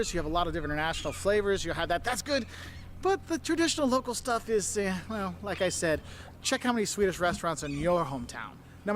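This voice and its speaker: A man presenting travel advice in a lively, chummy way, often acting out little voices. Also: sits high, a little hiss or hum.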